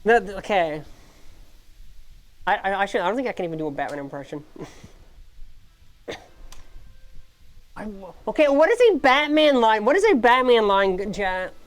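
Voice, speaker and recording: A woman VTuber streamer in casual live-stream chat, playful and giggly, swinging between squeaky highs and mumbled lows. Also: big pitch swings, moderate pace, long pauses.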